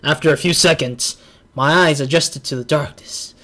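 A man's voice: on the high side, normal speed, bright, forceful tone. A man hosting a gaming video, chatting and laughing while he narrates a horror visual novel with a friend. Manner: laughs a lot, teasing and chatty. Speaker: let's play host. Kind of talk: casual gaming commentary.

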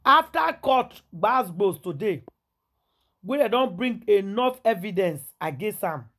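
A Nigerian woman running a celebrity gossip vlog in Pidgin-laced English, loud with exclamations and repeated phrases. Her voice is husky, and her pitch swings widely as she dramatizes each point. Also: expressive, takes it slowly. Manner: theatrical, exclaiming, repetitive.

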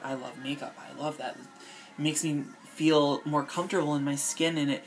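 Young woman, casual vlogger, effusive fan gushing to camera, lower-pitched voice. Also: fairly even intonation, moderate pace, faint music behind. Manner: gushing and effusive, heavy use of "like" and "girl". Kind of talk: casual direct-to-camera vlog.

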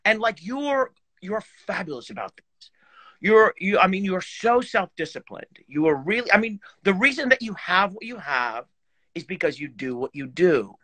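A man on a video call chatting casually, animated and swearing, with lots of fillers. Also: sits high, moderate pace, no echo. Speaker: guest horn player.

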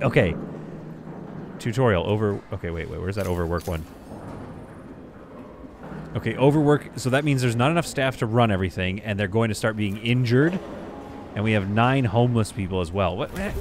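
Excitable man narrating his gameplay. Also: on the low side, fairly quick, long pauses, background noise. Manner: excitable, thinking aloud with exclamations. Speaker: gameplay commentator. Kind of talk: casual let's-play commentary.

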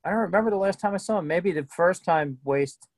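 A man's voice: sits high, fairly quick, no echo. Laid-back middle-aged male musician guest. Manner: laid-back storyteller, frequent restarts. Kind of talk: casual interview chat. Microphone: video call.

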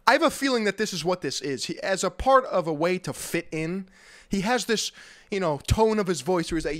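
A man's voice: sits high, expressive, a little fast, fairly bright tone, dry recording. A man hosting a comedic reaction video, mocking what he watches with exaggerated jokes and bursts of laughter.

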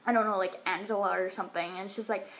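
A woman's voice: mid-range voice, fairly even intonation, fast talker, fairly bright tone. Rambling young woman telling a story. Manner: rambling, full of fillers like "like" and "um", laughs now and then. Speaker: vlogger. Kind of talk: casual storytime vlog. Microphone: phone or webcam.

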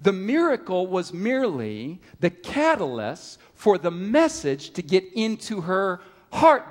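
A middle-aged man preaching a sermon at a camp meeting, telling a story with animated rises and drops. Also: high voice, slow, few pauses. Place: large hall at a camp meeting. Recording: reverberant hall.

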